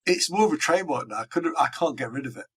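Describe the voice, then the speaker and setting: Husky man answering briefly as guest. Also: on the high side, expressive, quick pace, a bit bright. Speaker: podcast guest. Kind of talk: casual interview chat.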